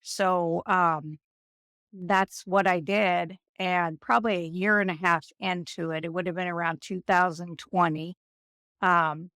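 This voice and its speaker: A woman in her fifties, a nurse, telling stories in an interview and acting out the people she quotes in an animated way. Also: lowish voice, dry recording, studio quality. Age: 50s. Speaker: nurse and guest. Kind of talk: storytelling interview.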